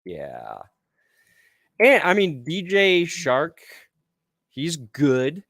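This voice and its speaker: A young man co-hosting a casual sports podcast, animated and joking. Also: a little high, very slow, no room sound, clean studio sound. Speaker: podcast co-host.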